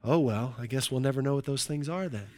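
A man preaching a sermon in an animated way, with frequent calls of hallelujah and joking asides to the congregation. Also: mid-range voice, fast. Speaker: pastor.

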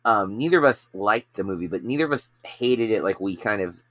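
A man's voice: on the low side, lively intonation, fairly quick, fairly bright tone, no room sound. A man co-hosting a podcast, chatting casually with lots of fillers and restarts. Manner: rambling, many fillers and restarts. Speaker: podcast co-host.

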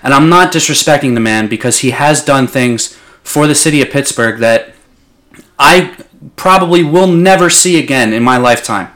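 A man's voice: medium pitch, moderate pace, a bit bright. A young man in casual sports talk as a podcast co-host, passionate and blunt, swearing freely.

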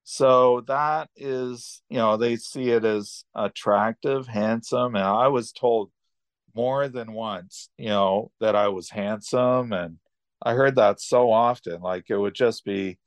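A man's voice: mid-range voice, slow pace, no room sound, studio quality. An older man, casually telling rambling personal travel stories as a podcast host, full of restarts and asides. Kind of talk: casual storytelling.

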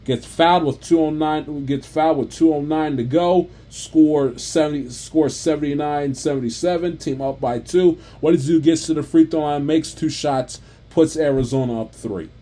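A man's voice: a little high, normal speed, hardly any pauses, mellow. A man ranting off the cuff about a basketball game, exasperated and stumbling over restarts and repeats. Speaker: sports commentator. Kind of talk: unscripted basketball rant.

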